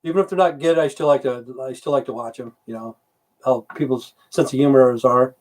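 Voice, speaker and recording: A man's voice: mid-range voice, fairly even intonation, fairly quick, darkish tone. A middle-aged man chatting casually on a livestream, answering viewers' comments, rambling, swearing and losing his train of thought. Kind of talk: casual live-stream chat.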